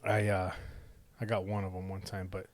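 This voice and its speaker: A man's voice: low-pitched, completely flat delivery, moderate pace, no room sound. A man in his thirties, co-hosting a podcast and telling stories in a laid-back, profane way. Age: 30s. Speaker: podcast co-host. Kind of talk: casual chat.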